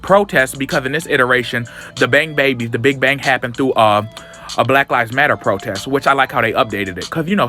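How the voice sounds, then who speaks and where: A man's voice: mid-range voice, sharp tone. A man recapping a comic book in sassy, chatty commentary, often calling the listener honey. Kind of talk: casual commentary.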